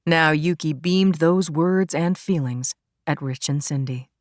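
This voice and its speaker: A woman narrator with a notably low voice, reading an audiobook in a calm, even way. Her voice is recorded close to the mic and sounds dry, with no room echo. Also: unhurried. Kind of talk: scripted narration.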